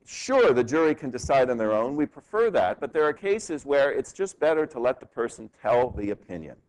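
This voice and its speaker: A male law professor lectures his class in a conversational way, tagging his points with quick questions to the students. His pitch swings widely as he stresses ideas, and it stays at a middle level overall. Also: rough recording. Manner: conversational, frequent tag "right?", animated rhetorical questions. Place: university lecture hall.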